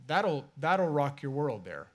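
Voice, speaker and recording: A man preaching a sermon as a pastor in a conversational way, slowing right down to stress key phrases and trailing off softly at the ends. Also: a little high, very animated.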